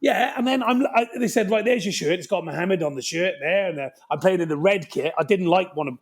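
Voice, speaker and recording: Animated Welsh man telling stories. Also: high voice, brisk. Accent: Cardiff Welsh. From Wales. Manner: animated, lively anecdote-telling with frequent "right?". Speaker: guest. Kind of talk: podcast interview storytelling.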